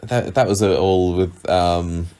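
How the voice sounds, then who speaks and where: A man's voice: sits low, steady tone, slow, warm tone, smooth. A man co-hosting a podcast in casual chat, hesitant and full of restarts. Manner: hesitant, with many restarts and fillers. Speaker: podcast co-host.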